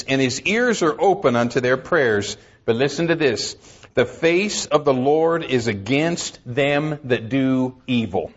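A man preaches with a high voice that swings widely up and down, pressing his points hard. He reads scripture in a slow, solemn cadence and then drops low for emphasis. The recording sounds dull and lo-fi. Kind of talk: sermon.

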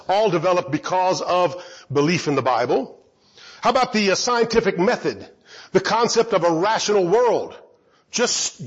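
A man's voice: a little high, breathy edge, lo-fi sound. A man giving a Bible teaching talk, asking rhetorical questions and answering them himself.

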